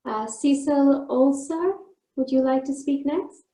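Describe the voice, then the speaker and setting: A woman hosting an online memorial, gently inviting speakers one after another. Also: sits high, unhurried, echoey room, poor audio. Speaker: memorial host. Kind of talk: moderating a video call. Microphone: video call.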